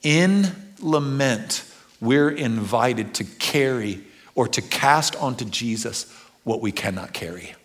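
Male pastor, sermon delivery, conversational, swings from hushed to loud and emphatic. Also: medium pitch, expressive, slow pace. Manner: conversational, with restarts and asides.

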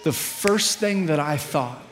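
A man's voice: fairly high pitch, lively intonation, slow pace, fairly bright tone, a little hiss or hum. Earnest male pastor preaching. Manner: earnest, building to fervent appeals. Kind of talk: sermon.

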